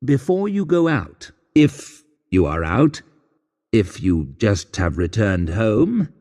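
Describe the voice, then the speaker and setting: A man reading a humorous graded-reader story aloud in a dry, wry, deadpan narration. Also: on the low side, takes it slowly, in a large hall. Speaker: audiobook narrator.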